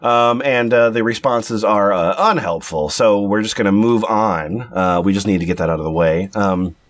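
A man's voice: fairly low pitch, normal speed. A man hosting a casual podcast chat, hesitant with many ums, reading out forum posts. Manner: hesitant, many ums, mock-shocked exclamations. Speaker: podcast host.

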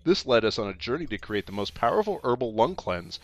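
A man's voice: medium pitch, big pitch swings, a little fast. A man on a comedy podcast reading product copy aloud, stumbling and laughing as he goes.

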